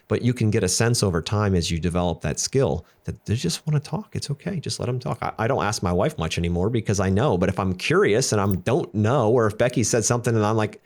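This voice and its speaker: Here is a man with a fairly low voice who talks fast as he hosts a relaxed podcast chat. His stories are candid and jokey, and he keeps tossing in quick asides. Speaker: podcast host and business owner.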